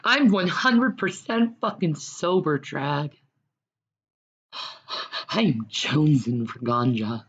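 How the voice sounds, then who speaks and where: A woman in loose, rambling, profane chat, swinging from loud sing-song taunts to low mutters, on dull lo-fi audio. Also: takes it slowly, pauses often, husky. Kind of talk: casual rambling commentary.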